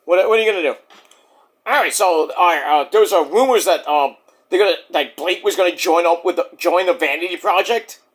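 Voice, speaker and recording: A man in his forties giving a casual, rambling, profane review, now and then mimicking others in quick put-on voices. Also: high-pitched, a bit bright. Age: 40s. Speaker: wrestling show reviewer.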